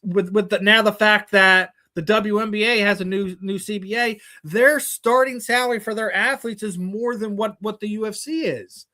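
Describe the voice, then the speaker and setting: A male host talking combat sports in a relaxed chat, his voice sitting a little high and sounding bright and forceful. He builds long, winding arguments, piling one opinion onto the next. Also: normal speed, hardly any pauses. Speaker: interview host.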